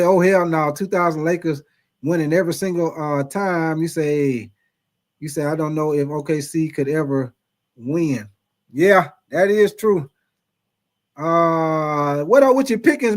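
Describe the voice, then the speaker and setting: A man with a fairly high voice hosts a casual sports talk stream. He reads viewers' comments aloud and answers in a loose, slangy way, stretching out his exclamations. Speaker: sports show host.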